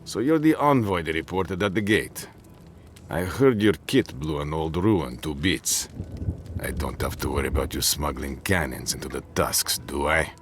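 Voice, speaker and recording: A man voicing a gruff, weary male dwarf tower commander in a video game, speaking grimly and bluntly. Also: extremely low pitch, lively intonation, normal speed, slight background noise. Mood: wary. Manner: grim, blunt, gravelly.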